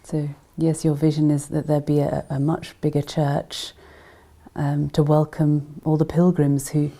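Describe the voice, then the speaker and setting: A woman interviewer gently prompting her guest, sometimes repeating words as she frames a question. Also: low voice, level tone, unhurried.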